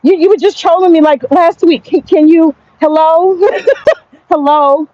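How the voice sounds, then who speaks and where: A woman's voice: very high-pitched, a little slow, pitched above the performer's own voice. A woman mocking a needy, whiny streamer girl. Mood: pleading. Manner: pleading, needy, repetitive. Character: whiny attention-seeking young woman streamer. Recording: dull lo-fi dry sound.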